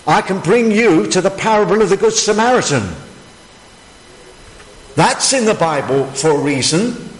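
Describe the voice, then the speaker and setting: Slow, emphatic preacher in a hall. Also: male voice, a little high. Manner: emphatic preaching, rhetorical questions, pauses. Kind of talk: sermon. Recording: echoey hall, faint ambience.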